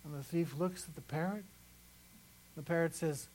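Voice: mid-range voice, moderate pace, darkish tone, rough recording. Conversational pastor preaching a sermon. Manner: conversational, repeats phrases for emphasis.

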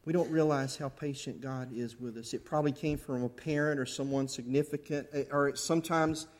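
A middle-aged man preaching a sermon, swinging between loud fervent bursts and soft intimate asides. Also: mid-range voice, steady tone, fairly quick. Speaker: pastor.

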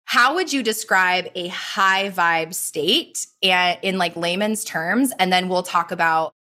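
A woman's voice: on the low side, animated, moderate pace, hardly any pauses, sharp tone. A woman hosting a podcast interview, chatty and self-deprecating, acting out what people say. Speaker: podcast host, nurse. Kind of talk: casual interview chat.

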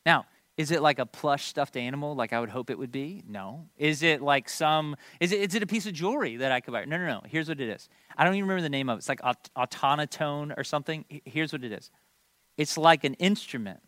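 A man's voice: fairly high pitch, lively intonation, fast talker, a bit bright, no room sound. A man in his thirties preaching a sermon, telling a family story with playful asides to the congregation. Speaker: pastor.

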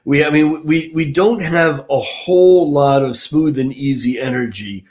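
A man's voice: on the high side, measured pace, a little mellow. An older man, an astrologer on a podcast, talking casually with many fillers and restarts. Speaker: astrologer guest.

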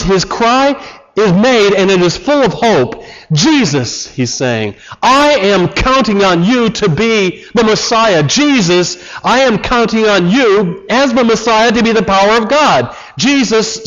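A man preaching a sermon with passion, acting out loud cries and dropping to quiet, earnest tones. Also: high-pitched, dull audio. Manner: impassioned, dramatic, acts out cries. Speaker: pastor.

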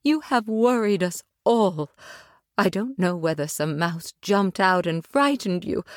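A woman's voice: mid-range voice, darkish tone, no room sound, studio quality. A woman reading the part of a worried mother who soothes her child.

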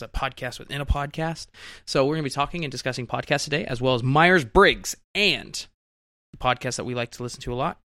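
A young adult man hosting a casual podcast, excitable and rambling, often laughing. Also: a little high, no echo. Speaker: podcast host.

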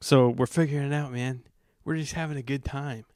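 A man's voice: medium pitch, fairly even intonation, brisk, darkish tone, clean tone, no room sound, studio quality. A man hosting a podcast, telling a story in a laid-back, rambling way. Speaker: podcast host. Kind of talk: casual storytelling chat.

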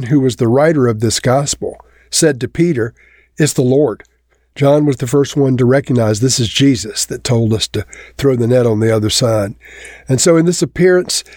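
A man's voice: warm tone, no echo. Male preacher, conversational sermon delivery, dry close-mic sound. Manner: conversational, lifts pitch for quoted lines.

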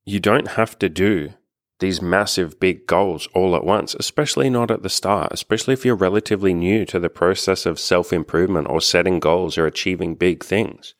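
Deep-voiced blunt male coach, dry sound. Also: moderate pace, no echo. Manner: blunt, encouraging, swears freely. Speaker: dating and life coach. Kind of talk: casual self-help monologue.

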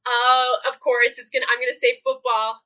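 Bright-voiced animated woman guest. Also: fairly high pitch, moderate pace. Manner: animated, laughs often while telling stories. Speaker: guest, program director. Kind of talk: casual interview chat.

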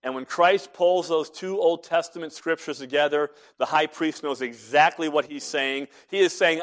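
A man preaching a sermon, retelling events dramatically and voicing each character, moving between loud emphasis and hushed lines. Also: a little high, moderate pace, hardly any pauses. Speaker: pastor.

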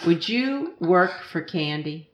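The audio is dull with slight background noise as a woman with a lowish, animated voice speaks at a slow pace. She asks children playful questions and laughs frequently in an informal Q&A, recorded on a studio mic in a roomy, echoey room.

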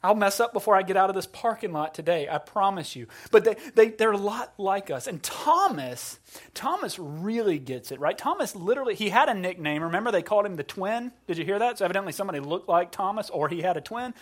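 A man preaching a sermon as a pastor, conversational and self-deprecating, often restarting words and dropping to a low, quiet voice for emphasis. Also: very animated, brisk.

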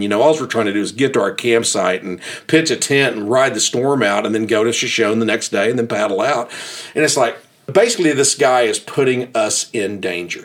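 A man telling a personal story in a casual, animated and exasperated way, often restarting his sentences. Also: fairly low pitch.

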